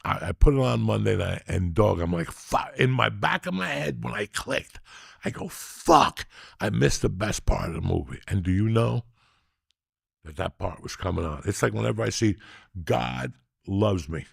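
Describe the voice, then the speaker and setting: A man in his sixties hosting a podcast, telling stories casually in a profane, rowdy way that gets loud when he is excited. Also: fairly low pitch, normal speed, no echo, clean studio sound. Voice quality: gravelly. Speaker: podcast host.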